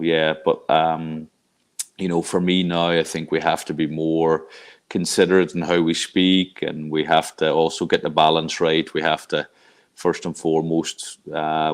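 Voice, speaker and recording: A middle-aged man from Ireland who coaches at college level, speaking in a very low voice. He talks in a reflective, unhurried way, full of fillers and restarts, as though working his thoughts out aloud. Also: smooth. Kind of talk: casual interview talk.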